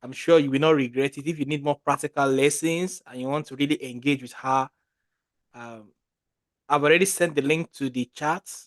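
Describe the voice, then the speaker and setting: A man hosting an online session, thanking the speaker and pausing often to find his words. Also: a little high, steady tone, dry recording. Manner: hesitant, with fillers and restarts. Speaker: webinar host.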